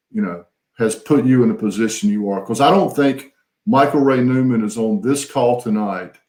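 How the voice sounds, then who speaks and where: A middle-aged man doing motivational speaking as a trainer, emphatic and deliberate, with a preacher-like cadence. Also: mid-range voice, a little mellow. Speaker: trainer co-hosting a live training session. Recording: roomy echo.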